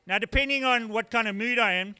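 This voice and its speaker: An older man from South Africa with a South African accent, doing a stand-up routine as a comedian in a dry, wry storytelling manner with pauses. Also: extremely high pitch, pushed and bright, clear, resonant tone. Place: brewery taproom with live audience.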